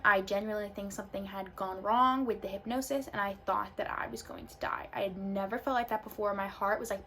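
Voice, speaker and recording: A woman's voice: mid-range voice, a bit bright. A young woman telling a personal story in a casual vlog, full of "like" and loose asides. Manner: casual, filler-heavy storytelling. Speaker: vlogger. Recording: faint background noise.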